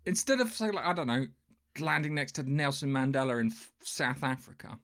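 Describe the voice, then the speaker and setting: Male podcast co-host, mid-range voice, emphatic banter, quick to interrupt. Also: mid-range voice, expressive, fairly bright tone. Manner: joking, emphatic, cuts in. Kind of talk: casual opinionated chat.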